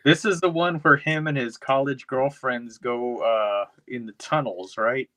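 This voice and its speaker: A man tosses in loose, offhand remarks during a casual movie podcast. His voice sits in an everyday middle pitch. His manner is chatty and easygoing. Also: steady tone, measured pace, a bit bright. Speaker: podcast co-host. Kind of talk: casual movie review chat.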